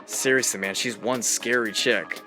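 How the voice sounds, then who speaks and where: A man's voice: mid-range voice, normal speed, over music. A man streaming a visual novel, reacting and joking aloud between lines of dialogue. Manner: animated, reacts and jokes aloud. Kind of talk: let's play commentary.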